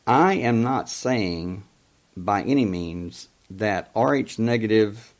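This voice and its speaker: Male call-in talk host, middle-aged, deliberate slow storyteller, lower register. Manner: storytelling, quoting past conversations, emphatic. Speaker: radio show host. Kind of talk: call-in talk show monologue.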